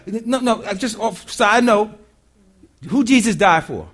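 An older man preaches in a church with a lively, swooping voice pitched a little high. He tells folksy stories, laughs easily, and drives his points home with animated energy. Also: measured pace. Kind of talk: sermon with storytelling.

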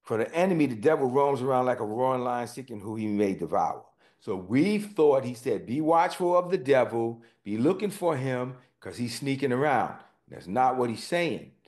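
A man preaching a sermon, reading scripture slowly and then explaining it in plain, folksy words. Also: animated, a little mellow. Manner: reads scripture slowly, then rises in pitch and force as he explains; informal, folksy phrasing.

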